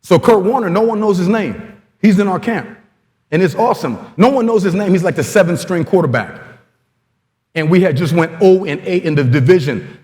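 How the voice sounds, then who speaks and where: A man from Congo, speaking as a guest at a coaching clinic, gives coaches a blunt, streetwise motivational talk packed with stories and slang. His voice is high, animated, and a little mellow, at a moderate pace, with a long reverb tail.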